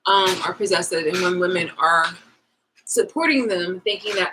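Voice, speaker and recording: A woman's voice: lowish voice, moderate pace, sharp tone, a little hiss or hum, low-quality recording. A woman vlogger chatting casually to her viewers, rambling and frank, swearing freely.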